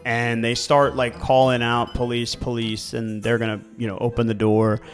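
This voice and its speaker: A man's voice: medium pitch, moderate pace, faint music behind. A man with a Baltimore accent, co-hosting a podcast and telling casual stories with laughs and swearing. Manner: animated storyteller, swearing, laughing. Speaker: real estate agent and podcast co-host.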